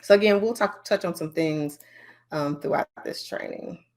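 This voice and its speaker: A woman leading a conference training session on learning design, talking in a lively, chatty way with many fillers and asides. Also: sits low, normal speed.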